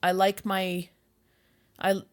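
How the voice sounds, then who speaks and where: A woman's voice: mid-range voice, completely flat delivery, takes it slowly. A woman co-hosting a podcast in casual chat, laughing often and restarting or trailing off mid-thought. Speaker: podcast co-host.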